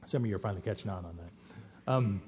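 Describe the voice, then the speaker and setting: A middle-aged man preaching a sermon as pastor, swinging between loud emphatic stresses and quiet asides. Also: lowish voice, quick pace, a little hiss or hum.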